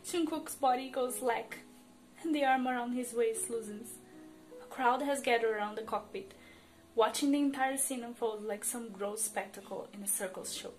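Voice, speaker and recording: Expressive woman reading a story aloud. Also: on the high side, moderate pace. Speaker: fan fiction reader. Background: soft music.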